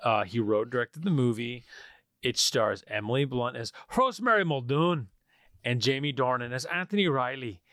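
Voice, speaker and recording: A man co-hosting a casual film podcast, running through a movie plot with plenty of restarts and quick joking asides. His voice sits at an ordinary middle pitch. He is recorded dry and close on a podcast microphone. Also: lively intonation, a bit bright, dry recording. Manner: rambling, self-interrupting summary with quick joking asides. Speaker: podcast co-host.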